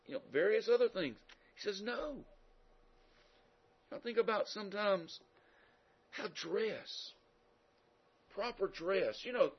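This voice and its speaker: A man preaching a sermon, emphatic, dropping quiet and then rising loud. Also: sits high, husky, dull audio.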